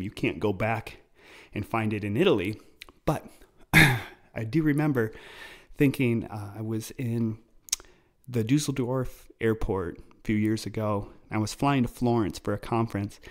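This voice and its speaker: A man with a slightly low voice hosts a solo podcast in a relaxed, conversational way. He explains ideas at an easy pace and often drifts into personal anecdotes. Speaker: podcast host. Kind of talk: casual solo podcast talk.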